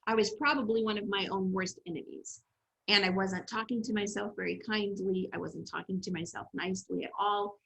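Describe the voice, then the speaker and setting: Woman coach with a bright, ringing voice, animated storyteller on a video call. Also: medium pitch, a little fast, gravelly, poor audio. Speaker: development coach. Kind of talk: online class presentation.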